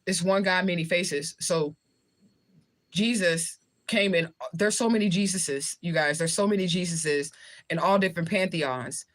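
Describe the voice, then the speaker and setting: A woman's voice: lowish voice, unhurried. A woman from the southern United States, talking casually to viewers on a livestream, with a rambling, loose delivery. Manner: rambling, talks while eating. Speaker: livestream host. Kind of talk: casual live chat with viewers.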